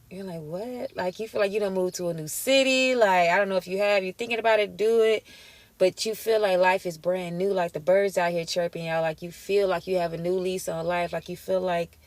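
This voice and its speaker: A woman's voice: fairly low pitch, darkish tone, dry recording. Emotional, slangy woman reading tarot. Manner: emotional, emphatic, slangy, addresses viewers as y'all. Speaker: tarot reader. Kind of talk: casual tarot reading to viewers.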